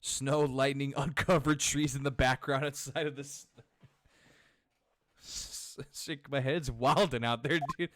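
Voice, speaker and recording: A man's voice: medium pitch, steady tone, a little slow, fairly bright tone, dry recording. A man streaming a video game, commenting in a casual, profane, jokey way.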